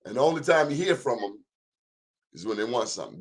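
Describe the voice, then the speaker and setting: A man hosts his own show and talks straight to the audience. His delivery is emphatic and preachy, full of folksy sayings. His voice sits at an ordinary, middle pitch for a man. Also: very animated, quick pace, husky. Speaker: show host. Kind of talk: talk show monologue.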